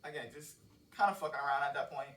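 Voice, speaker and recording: A man's voice: fairly high pitch, fast talker, fairly bright tone. A man casually explaining his own song lyrics, rambling and cursing freely, recorded at home on a cheap microphone. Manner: loose, rambling, curses freely. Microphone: cheap microphone with laptop and phone. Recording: roomy echo, mic set far off.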